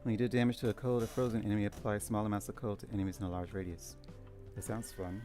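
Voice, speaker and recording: A man giving low-key game commentary, musing to himself as he plays. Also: flat delivery, fast talker, mellow, faint music behind. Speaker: gamer.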